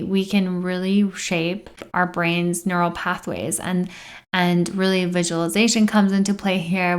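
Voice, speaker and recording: Low-voiced woman coaching on affirmations. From United States. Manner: earnest, coaching tone, reading example affirmations aloud. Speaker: podcast host. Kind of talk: casual self-help podcast monologue.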